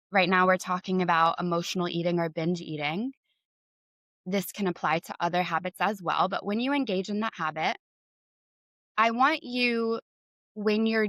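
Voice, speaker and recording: A young woman hosting a podcast, talking earnestly with many "like"s and leading a gentle breathing exercise. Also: medium pitch, no room sound. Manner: warm, earnest, says "like" often. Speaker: podcast host and coach. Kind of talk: casual talk with guided breathing.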